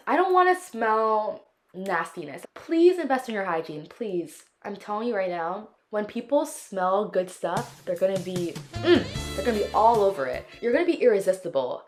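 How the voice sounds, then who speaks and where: A woman hosting her own solo podcast, chatting casually in a sassy, opinionated, dramatic way, sometimes stretching words in a sing-song. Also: medium pitch. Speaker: podcast host.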